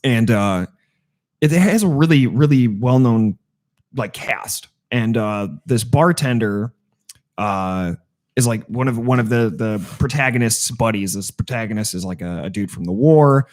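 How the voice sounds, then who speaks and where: A man co-hosting a podcast, chatting casually, halting as he searches for words and swearing freely. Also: medium pitch, animated, darkish tone. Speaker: podcast co-host. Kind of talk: casual chat.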